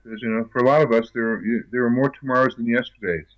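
An older man, an actor guest, chatting in an interview with many restarts and a steady "you know". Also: mid-range voice, fast, no room sound, highs cut off. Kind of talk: casual interview chat.

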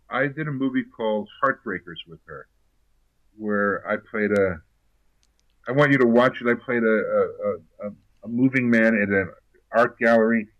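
An older man, an actor guest, chatting in an interview with many restarts and a steady "you know". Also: on the low side, no echo, lo-fi sound. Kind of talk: casual interview chat.

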